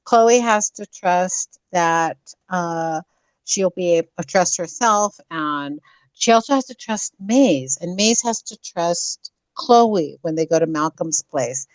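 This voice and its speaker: A woman on a fan discussion panel, talking things through in an explanatory way with frequent pauses to gather her thoughts. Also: fairly low pitch, animated, no room sound, low-quality recording. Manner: slow, explanatory, with many uh fillers. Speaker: podcast panelist.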